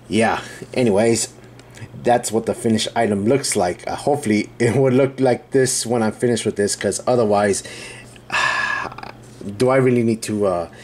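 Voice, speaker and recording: A channel host with a lowish voice, over a slight hiss or hum, casually unboxes and reviews a build kit. He rambles, corrects himself, and chuckles as he reads the box aloud.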